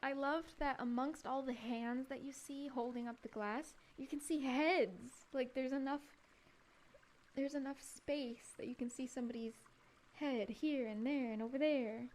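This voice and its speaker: Her voice high-pitched with a steady, darkish tone and a moderate pace, a woman live streamer talks casually about her travel photos. She giggles a lot, laughs between remarks, and rambles, often starting over.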